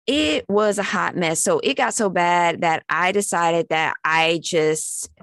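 A woman's voice: fairly low pitch, slow pace, gravelly, a bit bright, dry recording. A young adult woman telling a story in a casual, chatty way, full of fillers and acted-out quotes.

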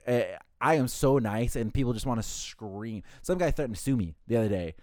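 A man's voice: medium pitch, animated, a little mellow, no echo, studio quality. A man who works a hotel front desk, telling stories in casual chat, swearing freely and acting out what callers said. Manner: fast, profane, acts out callers' lines.

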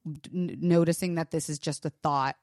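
Animated young woman, casual podcast chat. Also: deep voice, normal speed, no echo, clean studio sound. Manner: animated, swearing, acts out quoted voices. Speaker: podcast co-host.

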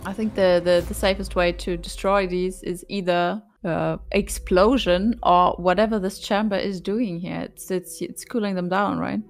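Woman with a lowish voice, thinking aloud. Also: fairly even intonation, moderate pace, hardly any pauses, faint music behind. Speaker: player. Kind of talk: casual tabletop game chat.

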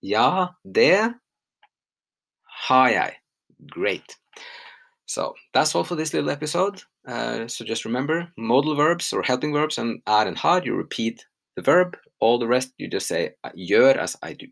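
A woman teaching grammar on a podcast, explaining patiently with relaxed fillers. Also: rumbling low, unhurried, vocal fry. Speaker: language teacher.

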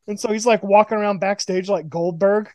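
A man's voice: sits high, fairly quick, no room sound. A man hosting a podcast, riffing casually over a video call with profanity and mock quotes. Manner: profane, rambling, animated storytelling with mock quotes. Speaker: podcast host. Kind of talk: casual fantasy booking chat.

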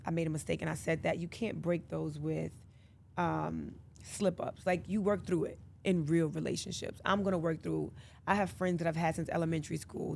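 A woman's voice: lowish voice, creaky, a little mellow, a little hiss or hum. A woman guest in casual interview chat, who tells stories animatedly and acts out the lines she quotes. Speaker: podcast guest.

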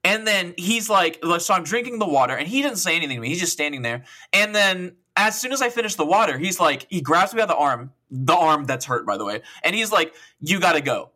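A man's voice: high voice, brisk, few pauses. A young man in his twenties co-hosting a podcast, telling a long, profane story casually with lots of quoted dialogue. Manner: rambling, profane, animated retelling with quoted dialogue. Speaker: podcast co-host.

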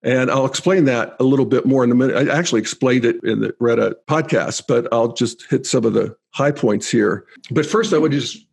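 A man hosting his own podcast, talking through listener comments in a thoughtful, measured way with pauses. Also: mid-range voice, vocal fry, a little mellow, husky. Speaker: podcast host. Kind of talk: reflective solo podcast monologue.

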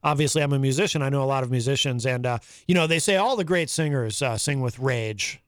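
A man's voice: medium pitch, quick pace, smooth, dry recording. A man hosting a casual talk show, joking and laughing often. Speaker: host.

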